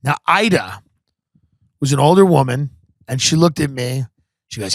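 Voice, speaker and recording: A man hosting a podcast, telling a comedic story in an animated, profane style packed with voices and impressions. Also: mid-range voice, a little fast, no room sound, studio quality. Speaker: podcast host.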